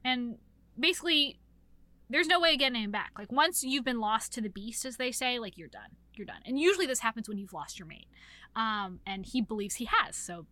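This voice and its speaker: A woman's voice: on the high side, a little fast, dry recording. A woman co-hosting a podcast, recapping a book in casual chat with lots of swearing and acted-out quotes. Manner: animated, swearing, acts out characters' lines. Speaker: podcast co-host.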